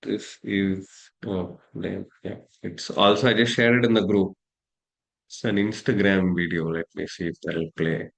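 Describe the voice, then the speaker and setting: A man's voice: low voice, fairly even intonation, unhurried, creaky. A man leading an online coaching lesson over a video call, reflective and thinking aloud with many rhetorical questions and frequent uh fillers. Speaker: coach and workshop leader.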